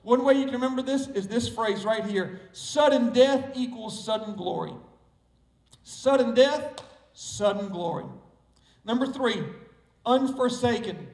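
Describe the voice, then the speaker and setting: A man's voice: very high-pitched, a little slow, darkish tone. A man with a Southern US accent preaching a sermon as pastor, stressing and repeating key words. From Southern United States. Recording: echoey room, mic far off.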